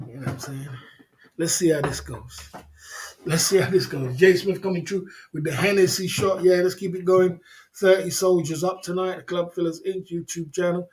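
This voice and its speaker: A man's voice: sits high, steady tone, moderate pace, a little mellow, a little hiss or hum. A man hosts a casual livestream, telling a long, rambling story, repeating himself, chuckling and speaking straight to the chat. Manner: rambling, repetitive, chuckles often, talks to the chat. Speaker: livestream host.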